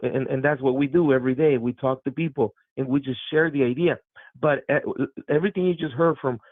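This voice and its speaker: Excited man on a phone line. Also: a little high, dry recording. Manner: excited, repetitive, fervent. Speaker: business team leader on a group call. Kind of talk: motivational call talk.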